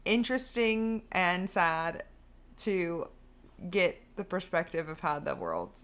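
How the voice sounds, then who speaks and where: A chatty woman with a slightly low voice, co-hosting a laid-back podcast. Her speech is easygoing and full of "like" fillers and restarts. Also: expressive, takes it slowly, fairly bright tone, smooth. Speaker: podcast co-host. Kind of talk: casual chat.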